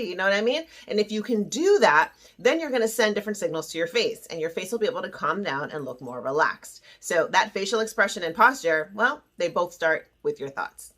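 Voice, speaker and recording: A woman coaching on self-esteem in a playful, theatrical teaching style. Her pitch swoops up and down with a lot of life, and she slips into little acted-out voices for emphasis. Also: expressive, brisk, few pauses, fairly bright tone.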